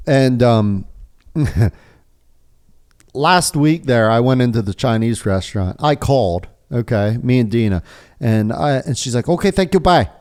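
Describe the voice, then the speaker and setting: A man's voice: mid-range voice, animated, a little slow, darkish tone, clean tone. A man co-hosting a podcast, telling stories in casual chat, swearing freely and laughing often. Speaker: podcast co-host.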